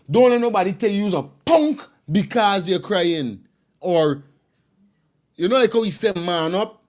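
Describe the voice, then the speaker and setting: A man's voice: high-pitched, animated, normal speed. A man giving impassioned online commentary, preachy and emphatic, hammering his point through repetition. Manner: preachy, emphatic, repeats phrases.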